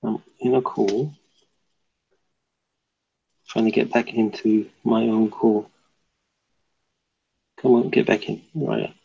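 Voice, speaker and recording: A man's voice: lowish voice, fairly even intonation, slow, creaky, pauses often, warm tone, breathy edge, muffled recording. A man hosting a casual live stream, reading viewer comments aloud and answering them, often laughing. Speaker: livestream host reading chat.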